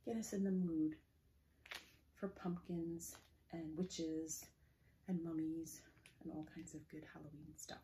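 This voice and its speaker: Woman, children's librarian, preschool story time, slow sing-song reading, soft whispers, faint background hiss. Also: sits low, level tone. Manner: leads rhymes and chants with children. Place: public library.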